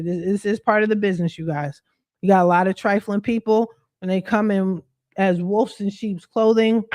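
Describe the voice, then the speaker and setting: Blunt, profane woman ranting on a livestream. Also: mid-range voice. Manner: blunt, profane, fired-up venting; streetwise slang, addresses viewers directly. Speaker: credit repair coach. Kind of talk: livestream rant to followers.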